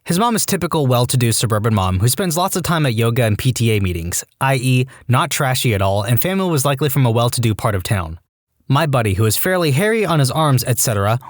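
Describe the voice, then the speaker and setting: A man reading Reddit stories aloud as a podcast narrator, animated and quick to jump into acted quotes. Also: medium pitch, dry recording, clean studio sound.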